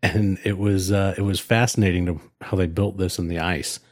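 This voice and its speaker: Man, low voice, podcast co-host, casual rambling chat, fillers, dry close sound. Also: steady tone, normal speed, dry recording. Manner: rambling, many fillers and restarts.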